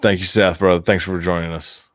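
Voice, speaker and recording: A man's voice: sits low, little pitch movement, brisk, no room sound, studio quality. A man co-hosting a casual live-stream chat, joking and cursing as he reads out viewer comments. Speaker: podcast co-host.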